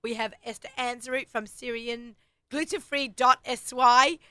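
A middle-aged woman with an Australian accent hosting a radio talk show, chatty and quick to laugh. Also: on the high side, steady tone, pushed and bright, clean tone, dry recording. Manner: chatty, laughs often, does little voices when quoting. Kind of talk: casual chat.

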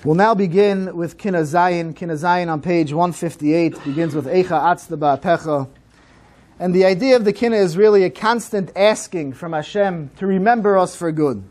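A man giving a solemn, measured sermon-style talk at a synagogue program. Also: high-pitched, darkish tone, slight background noise.

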